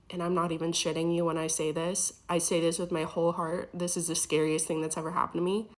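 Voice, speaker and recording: A woman's voice: fairly low pitch, fast, hardly any pauses. A young woman, a former EMT, casually retelling a frightening experience with lots of fillers. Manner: animated, filler-heavy retelling. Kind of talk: casual storytelling.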